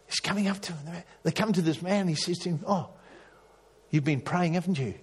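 Husky preacher man telling a story. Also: high voice, a little fast. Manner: storytelling, rising to emphatic peaks and dropping to hushed tones. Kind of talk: sermon.

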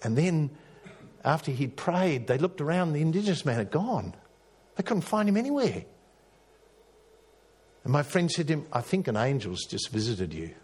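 A man preaching a sermon, telling a story with emphatic rises and hushed drops. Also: fairly high pitch, very animated, normal speed, pauses often, husky. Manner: storytelling, rising to emphatic peaks and dropping to hushed tones.

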